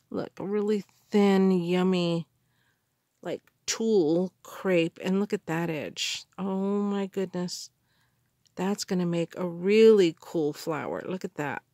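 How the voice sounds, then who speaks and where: A woman in a casual craft haul video, gushing with excited gasps and exclamations over the supplies she unpacks. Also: on the low side, takes it slowly, dry recording, studio quality. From Canada. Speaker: crafter unboxing mail.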